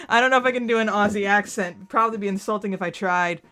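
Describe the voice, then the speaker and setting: A woman's voice: mid-range voice, normal speed, long pauses, a bit bright, faint music behind. Giggly woman streaming a game. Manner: giggly, self-mocking and chatty. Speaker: streamer playing a visual novel. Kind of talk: casual game commentary and read-aloud.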